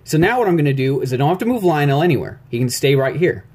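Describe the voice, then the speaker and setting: A man's voice: a little high, big pitch swings, fast, a little mellow, slightly rough. Jittery rambling young man drawing on screen. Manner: rambling, jittery, self-deprecating, talks to himself while drawing. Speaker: YouTube animation tutorial maker. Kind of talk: casual screen-recorded tutorial. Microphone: phone recording.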